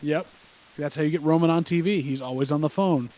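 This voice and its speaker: A man's voice: on the high side, fairly quick, dark tone. Wry man chatting on a podcast. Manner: wry, joking, tells anecdotes. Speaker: podcast co-host. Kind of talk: casual chat, live reaction.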